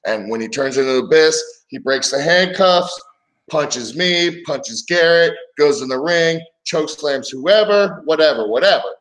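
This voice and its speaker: A man's voice: a little high, moderate pace, low-quality recording. A man co-hosting a casual wrestling talk show, telling a story from his wrestling days and acting out the voices in it. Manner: animated storyteller, acts out quoted voices. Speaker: podcast co-host, former wrestler.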